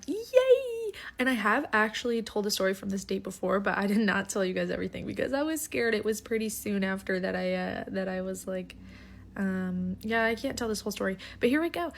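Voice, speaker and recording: Woman kicking off a date storytime, chatty, lots of ums, normal mid voice. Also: mid-range voice. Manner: chatty, hesitant, many ums. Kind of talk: casual storytime monologue.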